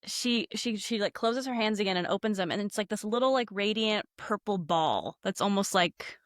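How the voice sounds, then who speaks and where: A woman's voice: medium pitch, normal speed, no room sound, studio quality. A woman guest on a podcast telling a ghost story casually, acting out quotes and saying "like" a lot. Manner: animated, acts out quotes, many "like" fillers.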